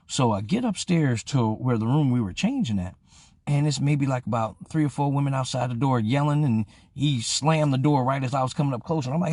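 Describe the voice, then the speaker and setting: A man's voice: mid-range voice, a little fast, breathy edge, no room sound, studio quality. A young man hosting a live stream, telling a profane story, acting out each voice and greeting viewers along the way. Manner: profane, animated, acts out the voices. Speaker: host of a live-streamed show. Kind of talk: casual storytelling.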